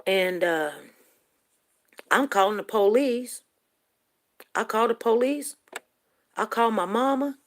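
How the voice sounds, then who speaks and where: An older woman, telling a personal story in a rambling, emotional way that rises to near shouting at tense moments. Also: a little high, takes it slowly, pauses often.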